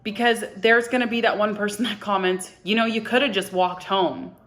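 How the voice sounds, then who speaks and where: A woman in her twenties telling a personal story to camera in a halting, emotional way, often dropping to a hushed voice. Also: medium pitch, fairly even intonation. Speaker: vlogger.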